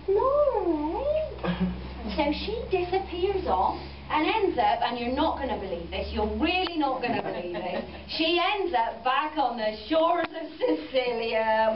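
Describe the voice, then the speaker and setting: A high-voiced woman tells a story to a group of children, her pitch swooping with playful, coaxing questions. She is recorded from a distance in an echoey room with steady background noise, and the sound is dull and muffled. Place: farm venue, roomy space.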